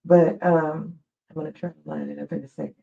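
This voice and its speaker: A woman's voice: deep voice, a little fast, creaky, highs cut off. A woman from the United States hosting a live stream, telling chatty, digressive stories in a casual way. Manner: chatty, digressive, animated storyteller.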